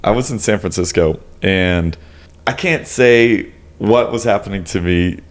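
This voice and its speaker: Low-voiced man in loose, profane chat. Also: a little slow. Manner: loose and profane, heavy on "like" and "you know"; acts out both sides of exchanges in quoted voices. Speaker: ICU nurse. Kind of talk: casual podcast chat.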